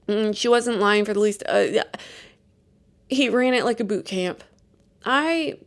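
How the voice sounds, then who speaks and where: A woman in her late thirties, hosting a podcast and telling stories in a chatty, animated, self-deprecating way. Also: mid-range voice, creaky. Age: late 30s. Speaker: podcast host. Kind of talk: casual storytelling chat.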